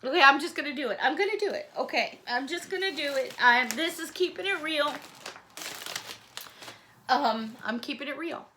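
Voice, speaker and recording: A woman vlogger chatting to camera as she opens fan mail, warm-hearted, apologetic and close to tears, with little laughs. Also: sits high, expressive, moderate pace, slight background noise. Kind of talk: casual chat to camera.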